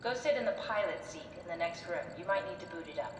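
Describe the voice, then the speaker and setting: An actress plays a composed woman who gives orders gently but will not be put off, speaking in a firm, reassuring, businesslike way. Her lines carry a long, roomy reverb and sound set back from the mic, with a steady hiss underneath, as heard through game audio. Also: fairly low pitch, fast, far from the mic, lightly acted. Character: calm, insistent woman steering her partner. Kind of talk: video game dialogue.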